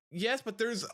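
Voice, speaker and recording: A man from Louisiana co-hosting a podcast, chatting in an animated, teasing way with frequent laughs. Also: high voice. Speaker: podcast co-host. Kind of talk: casual chat.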